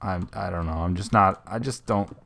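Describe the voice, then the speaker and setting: A young man hosting casual video game commentary, answering viewer questions in a rambling, self-correcting, relaxed way. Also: low voice, normal speed, gravelly. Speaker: host.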